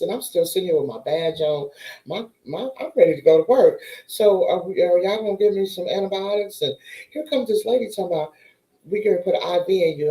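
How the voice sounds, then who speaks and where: A woman's voice: on the low side, moderate pace, warm tone, roomy sound, low-quality recording. A woman chatting casually to her viewers, telling a story and acting out the voices of the people in it. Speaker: vlogger.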